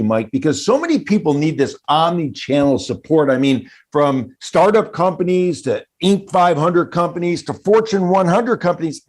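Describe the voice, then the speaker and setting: A man's voice: a little high, a little mellow. A man hosting a business interview, upbeat and steering his guest with prompting questions. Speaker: interview host.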